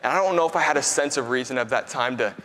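A young man preaching a sermon, telling a lively story with repeated phrases. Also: medium pitch, fast. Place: church hall. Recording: long hall reverb.

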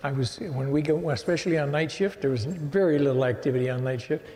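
A man's voice: on the high side, fast, warm tone. Older man telling his faith story. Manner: rambling, many restarts, storytelling. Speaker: guest speaker giving testimony. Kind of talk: church testimony talk. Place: church sanctuary. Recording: reverberant hall.

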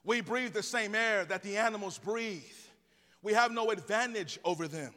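Male preacher, high voice, playful call-and-response, recorded with long church reverb. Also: moderate pace, pushed and bright. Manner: playful storytelling. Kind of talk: sermon with jokes.

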